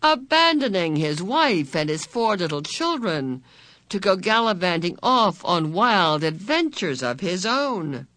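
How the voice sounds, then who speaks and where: A narrator voicing a bland, sinister man on a chair who talks in a slow, smooth, patronizing way. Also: mid-range voice, big pitch swings, a bit bright, no room sound, voice pushed up. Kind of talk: audiobook character voice.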